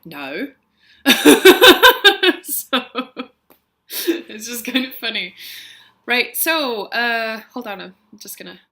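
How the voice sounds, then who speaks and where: A woman's voice: fairly low pitch, vocal fry, sharp tone. A young woman vlogger who reads out a word list and a poem, then chats with frequent ums and laughs. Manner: chatty, laughs often, many ums. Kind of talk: reading a word list and poem, casual chat.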